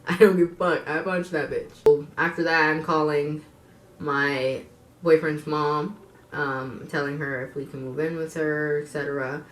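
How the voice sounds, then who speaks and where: A vlogger in her twenties tells her viewers a personal story, blunt and frank, swearing freely and turning to the audience with asides. Her low voice has fairly even intonation and a slightly slow pace. The room is echoey.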